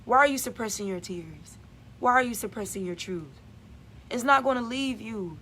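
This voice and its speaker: A woman's voice: a little high, animated, normal speed, a bit bright, slight background noise. A woman giving an emphatic, repetitive spiritual vlog monologue as a channeler.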